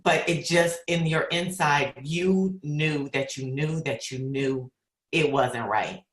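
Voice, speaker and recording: Low, slow-spoken woman host. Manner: measured, with many fillers and restarts. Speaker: podcast host. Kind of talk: reflective interview talk. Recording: roomy echo.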